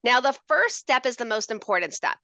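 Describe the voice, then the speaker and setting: On a video call, a literacy educator demonstrates a handwriting activity, animated and playful, peppering her listeners with questions. Her voice is on the high side and brisk, with no room sound and the highs cut off.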